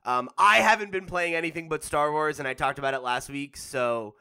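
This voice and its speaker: A man hosts a relaxed gaming podcast, and his voice sits a little high with a bright edge. His speech comes out smooth and clean. He banters and laughs freely with his co-host. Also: fairly quick. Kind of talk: casual podcast chat.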